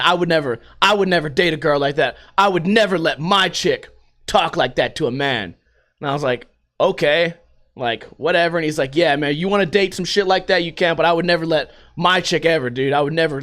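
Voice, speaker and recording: A man's voice: high voice, pushed and bright. A middle-aged man telling a rambling, profane story in a casual vlog. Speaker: vlogger.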